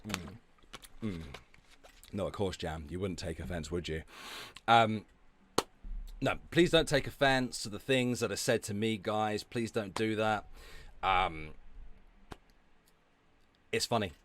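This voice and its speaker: A man's voice: fairly low pitch, slow pace, pauses often, noisy background. A man streaming, ranting and talking back to his chat, sweary and sarcastic. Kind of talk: ranting livestream commentary.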